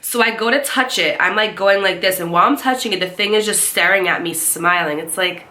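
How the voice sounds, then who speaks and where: A young woman telling a scary story to her viewers, animated and swearing, acting out the voices of the people in it. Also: mid-range voice, brisk. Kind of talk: storytime chat to camera.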